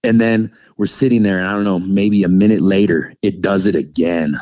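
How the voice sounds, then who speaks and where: Low-voiced man rambling through a story. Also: steady tone, darkish tone, dry recording, muffled recording. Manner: rambling and halting, full of "like" and "you know". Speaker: podcast guest recounting an encounter. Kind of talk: casual storytelling.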